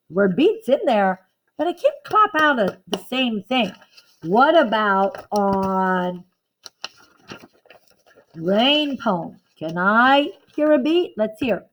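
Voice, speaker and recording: A woman teacher gives children a slow, patient, encouraging classroom lesson, counting beats aloud and checking in with the class. Her voice is fairly high and sing-song, and the audio is poor.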